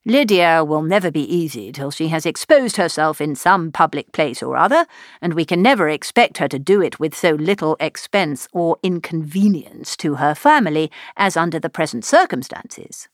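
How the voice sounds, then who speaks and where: A woman's voice: sits low, expressive, normal speed, no room sound. An older father speaks with dry, teasing irony, as a woman reader puts him on. His lines rise and fall freely. The voice is close and dry. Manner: dry, ironic.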